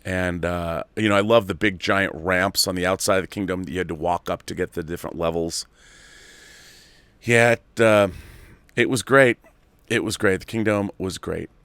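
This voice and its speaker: A man's voice: sits low, fairly even intonation, normal speed, fairly bright tone, clean tone, no room sound. A middle-aged man hosting a live show, chatting casually and nostalgically as he reads viewer questions, rambling with many restarts. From Seattle area. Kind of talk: casual live-stream chat.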